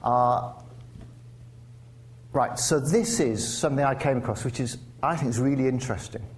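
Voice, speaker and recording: A man's voice: medium pitch, normal speed. A man from England giving a conversational public lecture with wry asides and frequent restarts. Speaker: guest speaker. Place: lecture theatre. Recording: faint background noise in a lecture hall.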